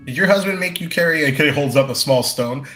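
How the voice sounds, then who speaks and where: A man's voice: on the high side, a little fast, fairly bright tone, soft background music. A man playing a tabletop game, hesitant and earnest, friendly in character. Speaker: player. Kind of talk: in-character tabletop role-play.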